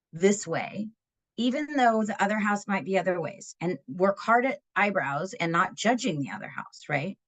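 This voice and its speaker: A middle-aged woman with a medium, slightly bright voice presents a parenting webinar. Her tone is earnest and conversational, and she keeps checking in with listeners by asking "right?"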